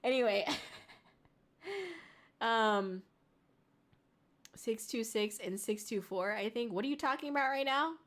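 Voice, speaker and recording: A young woman streamer chatting casually with her viewers, excitable and laughing often. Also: on the high side, unhurried, pauses often. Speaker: VTuber streamer. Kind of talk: casual livestream chat.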